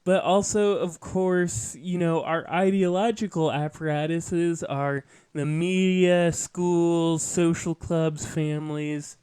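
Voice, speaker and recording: Male host, high voice, slow and deliberate, earnest lecturing monologue on a show. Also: fairly even intonation, darkish tone, clear, resonant tone, dry recording. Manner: earnest, lecturing, with asides and self-corrections. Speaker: podcast host. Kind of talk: political commentary monologue.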